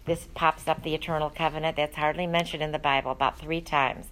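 Low-voiced woman teaching a Bible study. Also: flat delivery, brisk, fairly bright tone, rough recording. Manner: conversational and earnest, with frequent fillers.

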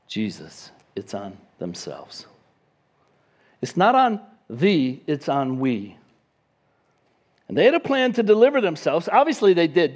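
A man preaching a sermon as pastor, lively, acting out quoted voices. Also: sits high. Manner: animated, acts out the disciples' voices.

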